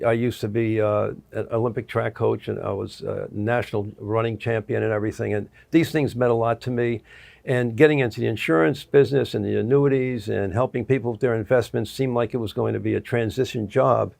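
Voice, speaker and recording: A man's voice: mid-range voice, fairly even intonation, brisk, vocal fry, darkish tone. A middle-aged man, a guest annuity producer, telling stories in an interview, rambling with restarts and acting out quotes. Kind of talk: interview storytelling.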